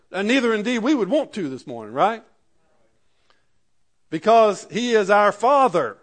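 A man preaching a sermon in a conversational way, building to emphatic peaks. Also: sits high. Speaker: pastor.

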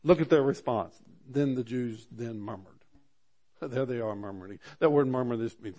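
A man's voice: mid-range voice, moderate pace, dark tone. A middle-aged man preaching a sermon, reading scripture aloud, asking the congregation questions, and often stammering and restarting.

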